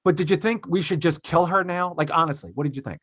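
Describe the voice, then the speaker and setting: A man's voice: a little high, quick pace, fairly bright tone, husky, dry recording. A man hosting a podcast, ranting emphatically in casual opinionated chat and swearing freely. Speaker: podcast host.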